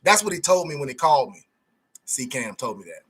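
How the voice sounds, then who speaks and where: A man's voice: mid-range voice, very animated, brisk, a bit bright, husky. A man hosting a casual live stream, reading chat comments aloud and joking with a laugh.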